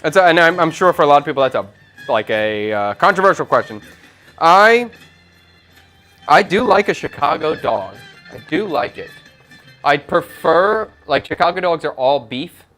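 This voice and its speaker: A man's voice: fairly high pitch, expressive, normal speed, pushed and bright, soft background music. A middle-aged man, a chef hosting a casual cooking livestream, chatting loosely and thinking aloud while he cooks.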